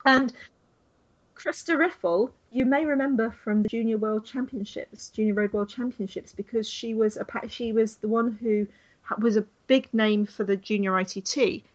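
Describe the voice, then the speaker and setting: A woman's voice: a little high, steady tone, moderate pace, muffled recording. A woman chatting casually about a race, rambling with lots of restarts and fillers. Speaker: cycling reporter. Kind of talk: casual chat.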